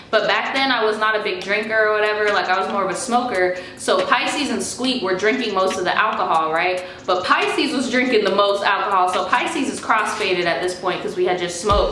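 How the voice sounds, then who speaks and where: A young woman from New York telling a story in an animated, chatty, profane way. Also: medium pitch, a little hiss or hum. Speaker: vlogger. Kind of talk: casual storytime. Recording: roomy echo with faint music.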